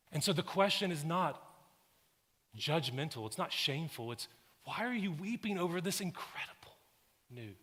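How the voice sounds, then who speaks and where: A man in his thirties with a Southern American accent, preaching a sermon and telling stories, swinging from hushed lines to loud, animated bursts. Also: medium pitch. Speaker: pastor. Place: large church sanctuary. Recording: long hall reverb.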